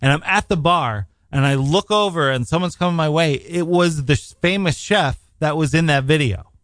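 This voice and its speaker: A male co-host on a New York podcast rambles through stories in easygoing conversation, laughing often. His slightly high voice has a fairly bright tone and a normal pace. It's studio-quality audio with no room sound.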